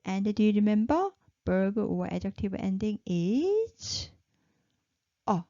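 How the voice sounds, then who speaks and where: Lady teaching pronunciation, lively up-and-down pitch, mellow voice, repeats everything three times. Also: a little slow, dry recording. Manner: repeats each syllable three times, praises learners. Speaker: Korean language teacher. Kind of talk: slow, drilled pronunciation lesson. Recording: slightly dull, lo-fi recording.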